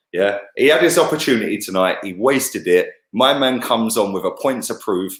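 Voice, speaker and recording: A man's voice: on the low side, lively intonation, moderate pace, hardly any pauses, roomy sound. A man giving blunt, heated football opinions, peppered with "yeah" and "bruv". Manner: blunt, sweary, keeps saying "yeah" and "bruv". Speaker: co-host football pundit.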